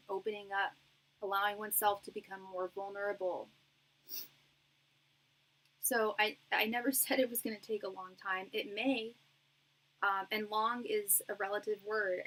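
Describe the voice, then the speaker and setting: A woman's voice: mid-range voice, fairly bright tone, poor audio. A young woman doing a live-stream tarot reading. She talks in a chatty, reassuring way, with lots of fillers and restarts. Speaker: tarot reader.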